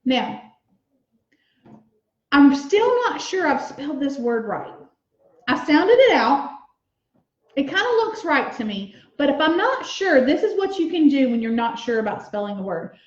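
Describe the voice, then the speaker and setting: A high-voiced woman teaches young children to write, sounding out each letter slowly and cheering them on. The room around her echoes, and the sound is a little dull. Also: very animated. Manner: slow, sounds out letters and words aloud; encouraging.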